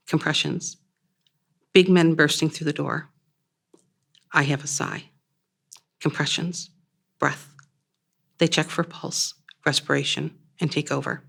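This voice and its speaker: A woman reading her own first-person story aloud in a measured, plain storytelling manner. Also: low-pitched, gravelly.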